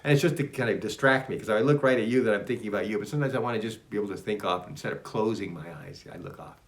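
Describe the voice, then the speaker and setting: Man, low gravelly voice, casual reflective reading, rambling, restarts often. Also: racing. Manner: rambling, self-interrupting, chuckling. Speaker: spiritual teacher reading his own text.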